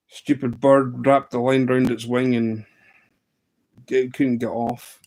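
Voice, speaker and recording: A man's voice: medium pitch, flat delivery, takes it slowly, darkish tone, poor audio. A man hosting a casual livestream, telling fishing stories in a chatty, laughing way. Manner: chatty storyteller, often laughing. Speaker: livestream host.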